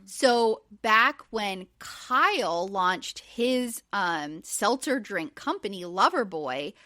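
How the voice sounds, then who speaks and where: A woman's voice: medium pitch, takes it slowly, no room sound, clean studio sound. A woman in her forties, a podcast host, recapping in casual chat with lots of fillers. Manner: chatty, animated, many fillers.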